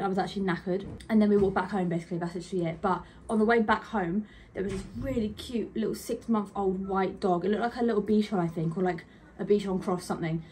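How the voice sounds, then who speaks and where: A woman's voice: medium pitch, a little mellow, a little hiss or hum. Chatty young woman vlogger. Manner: chatty, rambling, full of "like". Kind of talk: casual vlog chat.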